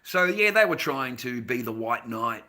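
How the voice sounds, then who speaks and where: An Australian man livestreaming, greeting chat and ranting in a rambling, heavily profane way, swinging between low mutters and loud outbursts. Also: expressive, moderate pace. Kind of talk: casual ranting monologue.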